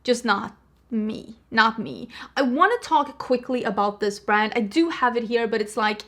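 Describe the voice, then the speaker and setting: Female beauty vlogger, somewhat high voice, chatty and animated to camera. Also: normal speed. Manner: chatty, animated, jokey rants. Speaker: beauty channel host. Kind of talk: casual talk to camera.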